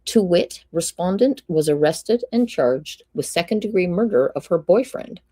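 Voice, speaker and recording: A woman's fairly low, warm voice sounds animated at a normal speed in a dry recording. During a live stream, she works through a court ruling out loud, with asides to greet chat and offer dry quips.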